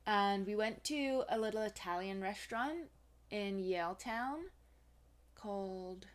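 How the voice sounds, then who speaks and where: Woman chatting on a podcast, mid pitch, lots of um and like, teasing. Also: measured pace. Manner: chatty, filler-heavy storytelling with teasing asides. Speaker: podcast co-host. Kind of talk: casual chat.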